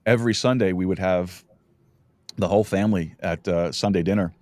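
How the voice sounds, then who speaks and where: A middle-aged man hosts a relaxed podcast chat with a fairly low voice. He tells stories in a meandering way, stumbling through restarts as he goes. The studio sound is dry and close. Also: no echo. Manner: rambling, halting storyteller with many restarts. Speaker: podcast host. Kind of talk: casual chat.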